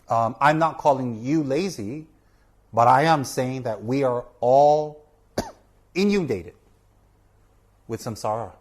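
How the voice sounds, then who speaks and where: A man, a Buddhist teacher, talking informally to camera, earnest and repetitive, often checking in with "okay?". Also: mid-range voice. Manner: earnest, repeats for emphasis, asks "okay?".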